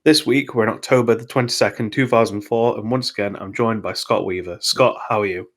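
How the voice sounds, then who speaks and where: Man, 30s, podcast host, lowish voice, easygoing chatty delivery. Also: brisk. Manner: relaxed, chatty, laughs easily. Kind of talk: casual chat.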